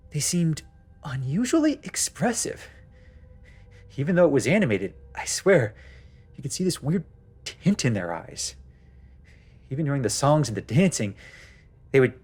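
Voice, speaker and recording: Man, husky voice, horror story narration, lively expressive pitch, tense delivery.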